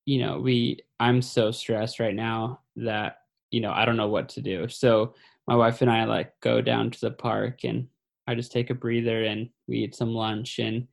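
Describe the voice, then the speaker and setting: A man sharing a personal story in a halting, somber way. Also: medium pitch, gravelly. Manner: halting, full of fillers and restarts; somber, grieving.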